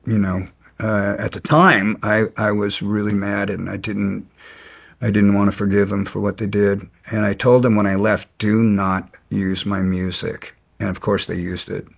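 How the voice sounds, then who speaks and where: A middle-aged man recounting his past in an interview, halting with frequent restarts. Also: lowish voice, creaky, husky. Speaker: guest. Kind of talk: storytelling interview.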